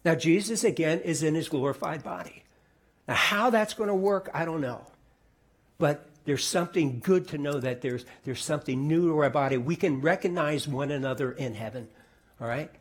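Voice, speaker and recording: A middle-aged man preaching a sermon in a conversational way, often repeating words and dropping to soft, quiet tones. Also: fairly high pitch, normal speed. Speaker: pastor.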